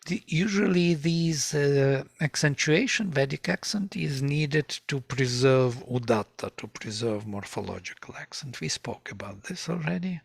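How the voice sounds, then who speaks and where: A man teaching a lecture on ancient scripture, speaking deliberately and chanting verses in a measured rhythm. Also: medium pitch, vocal fry, no echo, clean studio sound.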